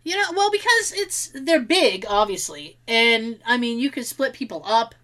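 A woman telling a story in casual chat, animated and laughing, acting out quotes and swearing freely. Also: a little high, normal speed. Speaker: podcast co-host.

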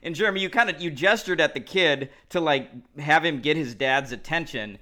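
A man's voice: on the high side, brisk, bright, forceful tone. A man co-hosting a podcast in casual chat, retelling stories and recapping plays. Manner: recaps game plays matter-of-factly. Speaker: podcast co-host.

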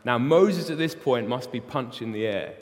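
A young man preaching a sermon in a casual, animated storytelling way. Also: medium pitch, normal speed. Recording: long hall reverb.

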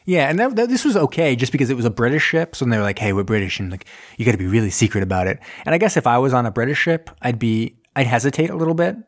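A man chatting loosely as he retells a movie plot, jumping in and out of quick impressions of the characters. His pitch sits mid-range and he rambles with lots of "like"s. He has an easygoing, joking manner. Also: animated. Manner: rambling, acts out scenes in quick voices. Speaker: podcast host recapping a film. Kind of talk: casual chat.

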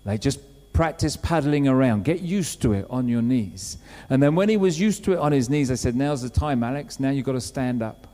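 Animated preacher in a reverberant hall. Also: male voice, mid-range voice, brisk, few pauses. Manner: animated storytelling preacher, acts out quotes. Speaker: pastor. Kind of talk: sermon.

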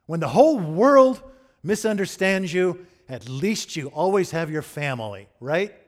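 Brief: male pastor, higher-pitched, animated storytelling sermon. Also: a little slow. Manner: animated, humorous storytelling with wide swings in loudness.

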